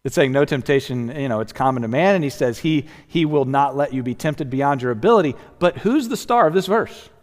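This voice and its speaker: Male pastor, slightly high voice, earnest, chatty preaching with soft drops, long hall reverb. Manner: earnest, conversational, with many restarts and sudden soft drops. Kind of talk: sermon.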